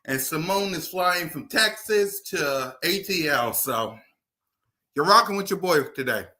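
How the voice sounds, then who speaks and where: A man hosting a casual sports livestream, shouting out viewers by name in a hyped, chatty way, a little out of breath. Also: a little high, expressive, a little slow. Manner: hypes viewers, shouts out names. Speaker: host.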